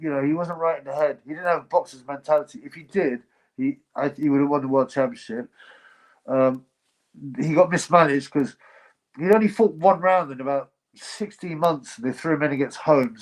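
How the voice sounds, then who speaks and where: A man's voice: a little high, poor audio. A man hosting a casual livestream, reading chat comments and giving blunt, rambling opinions. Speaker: livestream host.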